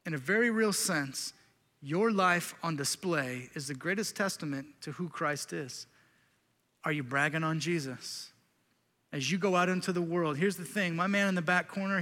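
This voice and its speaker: A middle-aged male pastor preaching a sermon in a church sanctuary, earnest and confessional, rising to loud emphasis and dropping to quiet intensity. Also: high voice, in a large hall.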